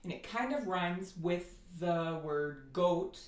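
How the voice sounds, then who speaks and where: A woman's voice: lowish voice, expressive, takes it slowly, reverberant. An American woman giving a phonetics lecture, listing sound features and demonstrating each one. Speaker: linguistics teacher.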